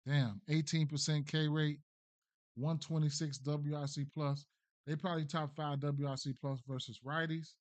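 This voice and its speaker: A man's voice: fairly high pitch, little pitch movement, normal speed. Man mumbling through betting picks. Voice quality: mumbling, thinking aloud with many fillers and restarts. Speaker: sports betting streamer. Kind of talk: casual live-stream commentary.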